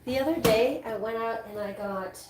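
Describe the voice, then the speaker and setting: A talkative woman grooming dogs, rambling with restarts in a fairly high voice. She sits away from the mic in a very echoey salon, with faint noise behind her. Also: moderate pace, recorded from a distance. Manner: rambling, chatty, full of restarts. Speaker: dog groomer. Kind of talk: casual chat while working.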